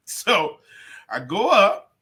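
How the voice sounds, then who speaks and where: A middle-aged comedian from Detroit telling a story in a casual interview, laughing often and cursing freely. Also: male voice, high-pitched, huge pitch swings, very slow, pushed and bright. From Detroit, USA. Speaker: comedian guest.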